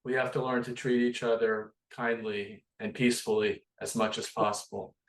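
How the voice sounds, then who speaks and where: A man's voice: medium pitch, level tone, normal speed, roomy sound, poor audio. A man hosting an interview podcast and asking brief, earnest questions. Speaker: podcast host.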